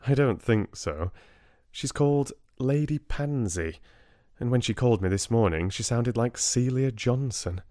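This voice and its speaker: A man's voice: mid-range voice, unhurried, no echo, clean studio sound, voice pushed up, close to an everyday voice. A man voicing a wry, amused young British woman in an audiobook. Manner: light, amused, lively. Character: young woman, new royal girlfriend, wry.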